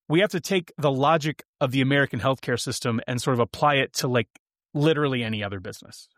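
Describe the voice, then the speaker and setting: A man hosts a podcast by himself, giving sarcastic, punchy comedic commentary with a theatrical edge. His voice sits somewhat high for a man. The recording is dry and close. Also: a bit bright, no echo. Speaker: podcast host.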